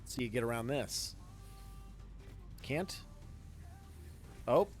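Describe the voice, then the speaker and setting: A man's voice: medium pitch, expressive, slow pace, soft background music. A man with a Midwestern American accent, chatting casually and joking with viewers while streaming a game. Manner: chuckling, joking, answering chat. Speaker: gaming streamer. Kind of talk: casual live-stream chat.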